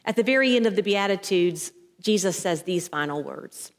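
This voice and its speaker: Wearing a headset mic at her ear, a woman pastor preaches with lively intonation at normal speed and a medium pitch. Storytelling drives her sermon, and she acts out the voices in her anecdotes, all heard through a long hall reverb.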